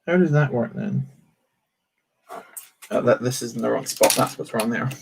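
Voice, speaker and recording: A man's voice: mid-range voice, normal speed, creaky, slight background noise. A young man chatting casually on a live stream as he builds, reading out chat messages with many fillers and restarts. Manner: rambling, reads chat aloud, many fillers.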